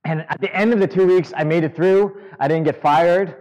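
A man preaching a sermon, earnest and halting, with self-deprecating humor. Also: a little high, steady tone, darkish tone, lo-fi sound. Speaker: pastor.

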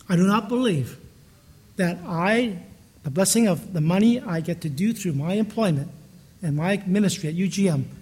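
A man's voice: sits high, a little mellow, breathy edge. A man pastor giving a conversational sermon, telling stories in a chatty way and often restarting his sentences. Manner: storytelling, chatty, with frequent restarts.

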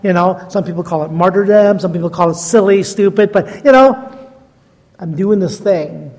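Older male guest preacher, 60s, high voice, chatty storyteller who pokes fun at himself, long hall echo. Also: moderate pace, darkish tone. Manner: chatty, self-deprecating, laughs at own jokes. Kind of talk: storytelling sermon.

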